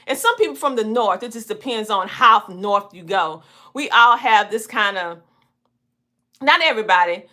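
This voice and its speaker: Southern woman, twangy accent, bright clear tone, chatty storytelling host. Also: a little high. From small country town in the US South. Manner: chatty storytelling, down-home phrasing. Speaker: podcast host. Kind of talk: casual chat.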